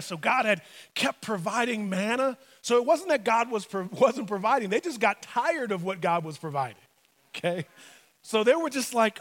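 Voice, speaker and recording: Animated, funny male preacher, high voice, long hall reverb. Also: normal speed. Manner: animated, humorous storytelling preacher. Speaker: pastor. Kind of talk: sermon.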